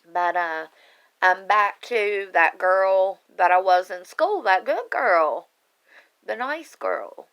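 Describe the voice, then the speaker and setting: Her medium-pitched voice is fairly bright, clear and resonant as she opens up about her life to her online group. It's a casual, heartfelt live video in which she speaks earnestly and emotionally to the camera, drifting a little as she goes.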